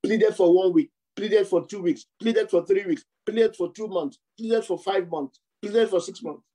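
A man preaching a sermon, piling up rhetorical questions and repeated phrases with slow, drawn-out emphasis. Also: high-pitched, mellow, husky, rough recording.

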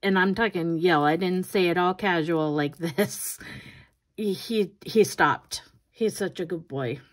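A woman's voice: lowish voice, measured pace. An older woman and grandmother chatting casually while doing her nails, telling a rambling story with laughs and restarts. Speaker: nail art vlogger.

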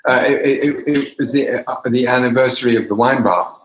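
A man's voice: mid-range voice, moderate pace, a little hiss or hum. Hesitant older British-born man, roomy sound. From Britain. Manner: hesitant, many restarts and fillers. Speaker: wine bar owner, guest. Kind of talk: casual interview. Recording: roomy echo.

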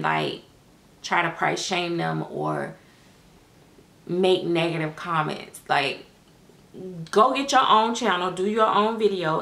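A woman's voice: on the low side, vocal fry, fairly bright tone. A middle-aged American woman chatting casually to her viewers in a sassy, direct way about her dolls. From United States. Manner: chatty, sassy, talks straight to viewers as y'all. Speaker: doll-making vlogger. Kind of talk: casual chat to camera.

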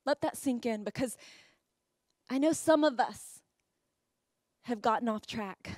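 A woman's voice: fairly high pitch, measured pace, a little mellow, dry recording, clean studio sound. A woman pastor preaching a sermon, telling a personal story with rising passion. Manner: impassioned storytelling, rising to emotional peaks. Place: church.

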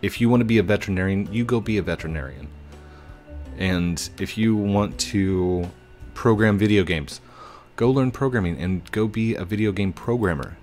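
Excitable low-voiced man gaming. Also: moderate pace, faint music behind. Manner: excitable, chatty, breaks into high squeals. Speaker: YouTuber. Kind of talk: casual gameplay commentary.

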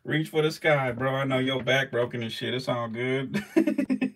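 Excitable swearing man filming his snakes. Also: medium pitch, moderate pace. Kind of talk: casual vlog commentary.

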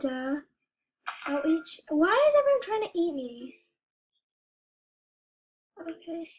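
A young woman giving soft-spoken, anxious commentary as she plays a video game. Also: high voice. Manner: soft-spoken, often hushed, anxious chatter. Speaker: gaming YouTuber. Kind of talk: casual gameplay commentary.

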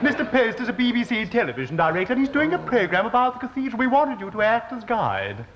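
An actor playing an eager, obsequious chaplain in a 1960s sitcom, prim and fussy. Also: male voice, very high voice, very animated, quick pace. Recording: hissy lo-fi 1960s TV soundtrack.

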